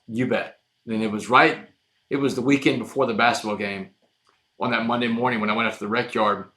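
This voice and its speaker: A man telling a personal story as a podcast guest, emphatic and moving between hushed and loud passages. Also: on the low side.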